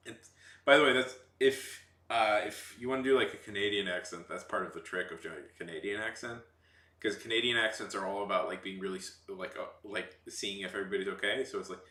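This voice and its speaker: A Texan streamer who's feeling a little sick chats casually on a livestream, rambling and cracking jokes. His voice is fairly low, brisk, pushed and bright, with noticeable reverb.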